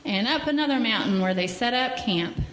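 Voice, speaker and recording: A woman gently reading a picture book aloud to children in church, pausing to ask them questions. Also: a little high, expressive, slight background noise. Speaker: children's story leader. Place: church sanctuary. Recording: echoey hall with faint ambience.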